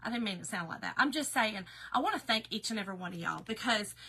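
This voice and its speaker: A woman's voice: medium pitch, expressive, fast talker, sharp tone, slightly rough. A woman with a Southern US accent chatting casually with viewers during a live crafting video, folksy and talkative. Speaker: craft business owner hosting a live video.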